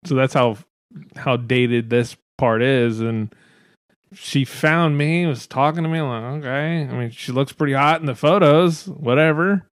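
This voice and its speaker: A man in his thirties hosting a casual podcast chat, telling stories in a profane, animated way, laughing often. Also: medium pitch, measured pace, dry recording, clean studio sound.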